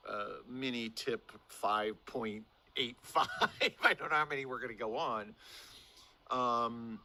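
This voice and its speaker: A man in his sixties, an acting teacher giving a lively lesson on speaking verse, demonstrating delivery and swinging his voice up and down for emphasis. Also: fairly low pitch.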